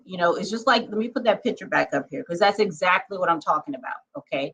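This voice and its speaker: A woman's voice: on the low side, expressive, fast talker, few pauses, fairly bright tone, low-quality recording. A woman talking in a casual vlog monologue. She is emphatic, speaks straight to her viewers, keeps asking "okay?", and laughs easily. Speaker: spiritual vlogger.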